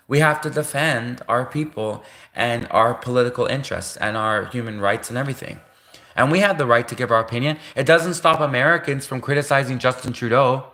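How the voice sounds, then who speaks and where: Bright-voiced rambling Canadian man. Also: medium pitch. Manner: rambling, restarts and self-corrections, half-joking. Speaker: livestreamer. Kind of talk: rambling monologue.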